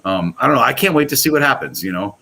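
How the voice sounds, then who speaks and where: A man's voice: medium pitch, expressive, fast, vocal fry, sharp tone, rough recording. A man talking as a guest on a casual podcast, rambling and enthusiastic with many restarts. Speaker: guest, pool products company owner.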